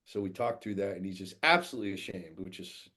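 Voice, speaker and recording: Low raspy male coach, swears freely, tells it straight. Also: quick pace. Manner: blunt, profane, animated storyteller. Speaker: guest, fathers' coach. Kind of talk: casual podcast storytelling.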